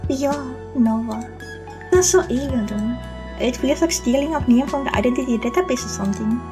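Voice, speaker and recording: A woman's voice: a little high, normal speed, music in the background, pitched above the performer's own voice, natural voice. A woman voicing an earnest, polite young female witch, the player character in a game.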